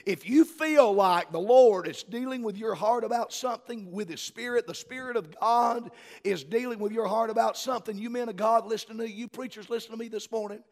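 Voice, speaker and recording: A middle-aged man, preaching a sermon as a pastor and building to fervent shouting. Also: high-pitched, brisk.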